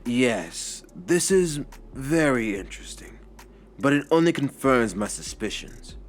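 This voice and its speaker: A man voicing a kindly old uncle who is a wise general, speaking in a gentle, measured, drawn-out way. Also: mid-range voice, very animated, slight background noise, voice pushed up.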